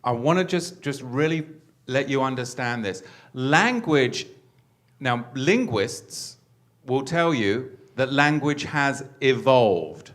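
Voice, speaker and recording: A man's voice: mid-range voice, lively intonation, slow, fairly bright tone. A man hosting a religious teaching talk, earnest and preacherly, often repeating his words as he builds a point. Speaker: host.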